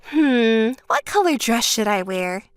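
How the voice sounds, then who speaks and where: A woman voicing a calm, level-headed young woman who answers her sister flatly and sarcastically, in a texting-story voice-over. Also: fairly high pitch, takes it slowly, clear, resonant tone, dry recording. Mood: dry. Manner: flat, dry, sarcastic.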